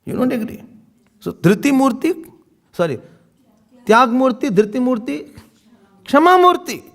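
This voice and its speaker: A man giving a spiritual talk as a swami, teaching in an animated way and often breaking into laughter. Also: very high voice, a little slow, gravelly. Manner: animated teaching, often laughing, mixing in Hindi and Sanskrit terms. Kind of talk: sermon.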